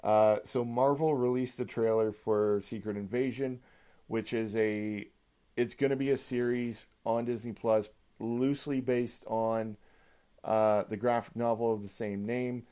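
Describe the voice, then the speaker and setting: A young man hosting a casual solo podcast, rambling excitedly like a hyped fan and swearing freely. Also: medium pitch, a little slow, clear, resonant tone. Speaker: podcast host.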